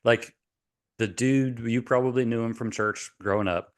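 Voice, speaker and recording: A man's voice: mid-range voice, fairly even intonation, moderate pace. A man co-hosting a casual podcast, talking in a rambling, hesitant way with lots of filler words. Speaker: podcast co-host. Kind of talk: casual chat.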